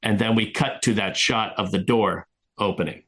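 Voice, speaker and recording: A man's voice: lowish voice, steady tone, moderate pace, fairly bright tone, husky. A man, a guest filmmaker, telling a long story casually in an interview, retelling scenes with many restarts and fillers.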